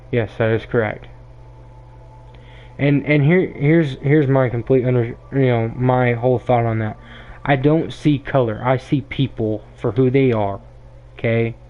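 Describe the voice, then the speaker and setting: A young man hosting a podcast, delivering a blunt, emphatic opinion monologue that often circles back and repeats itself. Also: mid-range voice. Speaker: podcast host. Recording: tinny phone-like sound.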